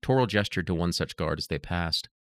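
A man narrating an audiobook in a steady, even reading voice. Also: low voice, moderate pace, dry recording, studio quality.

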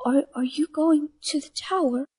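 A woman's voice: normal speed, darkish tone, no echo, clean studio sound, lightly acted. A woman voicing a female humanoid eagle-person, a mother who is desperate about her lost son. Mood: pleading. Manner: high, pleading and tearful.

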